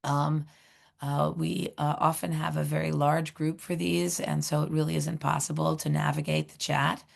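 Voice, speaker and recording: A middle-aged woman with a hoarse voice, hosting a webinar and introducing speakers, halting with many fillers. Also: sits low, little pitch movement. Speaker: seminar host, director of education.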